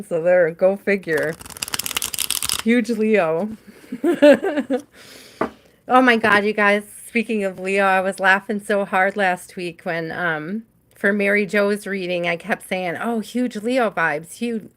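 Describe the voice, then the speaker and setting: Slow-talking woman giving live tarot readings. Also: medium pitch, fairly bright tone. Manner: chatty, laughs often, talks to viewers by name. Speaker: tarot reader hosting a live stream.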